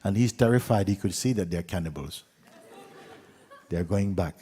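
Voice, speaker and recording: A man, a spiritual teacher, telling a fable to an audience in an unhurried way, with pauses, sometimes dropping to a hushed whisper. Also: sits low, husky, long reverb tail, a faint crowd. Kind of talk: storytelling talk to an audience.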